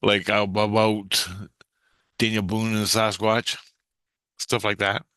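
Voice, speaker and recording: Man, deep-ish voice, casual storytelling, swears a lot, trips over his words, dry recording. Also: level tone, takes it slowly, fairly bright tone, smooth, no echo. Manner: rambling, profane, frequent restarts.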